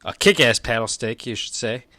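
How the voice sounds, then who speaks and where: A man's voice: medium pitch, moderate pace, pushed and bright, no echo, clean studio sound. Rambling young man hosting a podcast. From Chicago, US. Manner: rambling, self-deprecating, loose and chatty. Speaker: podcast host. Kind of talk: casual solo podcast chat.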